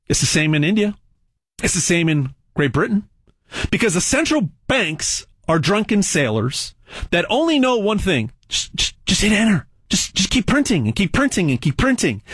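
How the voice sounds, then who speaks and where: An emphatic male pitchman whose voice swoops all over as he drives each point home, repeating words for punch. The recording is dry and close, with no room sound. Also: a bit bright, dry recording. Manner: emphatic and repetitive, folksy asides. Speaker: gold sales pitchman. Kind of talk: direct-to-camera sales pitch.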